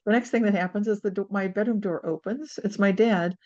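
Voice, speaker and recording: Lively storytelling woman in her sixties. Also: mid-range voice, a little fast, lo-fi sound. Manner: animated storyteller, acts out quotes. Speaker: author guest. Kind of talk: storytelling interview.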